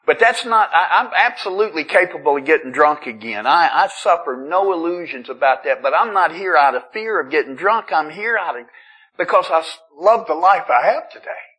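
Middle-aged man giving a testimony at a meeting; husky, slightly high, chatty, trips over his words. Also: animated, a little fast, sharp tone, poor audio. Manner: conversational storytelling with self-deprecating humor; frequent restarts and stammering. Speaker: recovery meeting speaker. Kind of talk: personal testimony talk. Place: meeting room.

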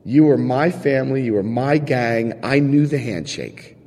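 A man sharing his recovery story with a live audience, telling it in an animated, chatty way, acting out scenes and checking in with his listeners. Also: mid-range voice, a little slow, in a large hall. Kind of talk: personal testimony to a live audience.

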